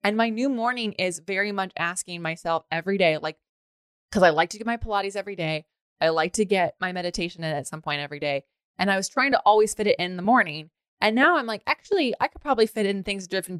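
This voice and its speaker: A woman's voice: medium pitch, a bit bright, no echo, clean studio sound. A woman hosting a podcast, chatting casually with a guest, laughing often and swearing freely. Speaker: podcast host. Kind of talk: casual chat.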